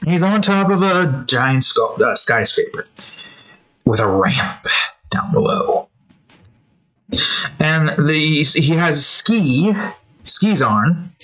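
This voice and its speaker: A digital artist who hosts his own channel chats while drawing, spinning loose, wandering stories in slangy, casual speech and correcting himself a lot. His voice is fairly high and fairly bright, though the recording quality is low.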